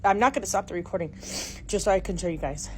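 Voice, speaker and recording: A woman's voice: mid-range voice, fast talker. A frightened middle-aged woman filming her own house on a phone, whispering and exclaiming indoors. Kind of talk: handheld phone video. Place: indoors at home. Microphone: phone camera. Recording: noisy home phone recording.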